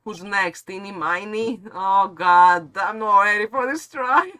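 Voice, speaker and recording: A woman's voice: mid-range voice, a little slow, hardly any pauses, pushed and bright, a little hiss or hum. A young woman streaming a game playthrough, playful and self-mocking.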